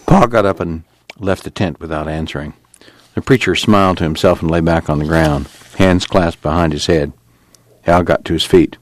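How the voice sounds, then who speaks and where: Gravelly, dark-voiced male narrator. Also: low-pitched, no echo. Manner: steady, measured reading. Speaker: audiobook narrator. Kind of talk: scripted narration.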